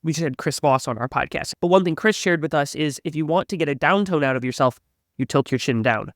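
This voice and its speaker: A man's voice: a little high, fast, no room sound, studio quality. A man thoughtfully explaining sales methods as a guest on a podcast. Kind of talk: conversational sales advice.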